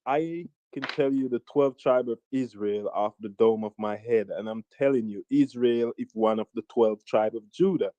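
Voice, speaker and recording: A man's voice: medium pitch, moderate pace, hardly any pauses, mellow, no room sound. A man from Jamaica with a Jamaican accent, arguing insistently in a heated debate and talking over the other side. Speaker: debate participant.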